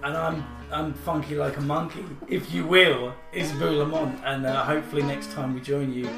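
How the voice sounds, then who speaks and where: A man co-hosting a podcast in casual chat, crude and joking, often halting mid-sentence. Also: a little high, fairly even intonation, music in the background. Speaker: podcast co-host. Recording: distant mic in echoey noisy room.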